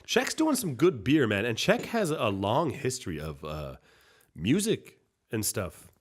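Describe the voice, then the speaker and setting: A man's voice: mid-range voice, unhurried. A young man co-hosting a podcast, rambling and swearing casually as he tells stories. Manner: profane, rambling, animated storytelling. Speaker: podcast co-host. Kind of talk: casual chat.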